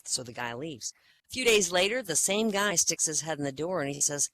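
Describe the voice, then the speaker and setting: A man's voice: on the high side, lively intonation, fairly quick, bright, forceful tone, rough recording. A man telling a string of jokes, acting out each character as he goes. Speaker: joke teller. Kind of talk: stand-up joke telling.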